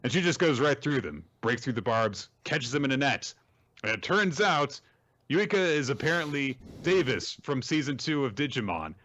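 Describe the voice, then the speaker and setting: Animated man recapping manga. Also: mid-range voice, moderate pace, highs cut off. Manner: animated, jumps into silly character voices for quotes. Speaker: podcast host recapping manga. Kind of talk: casual chat, summarizing with voiced quotes.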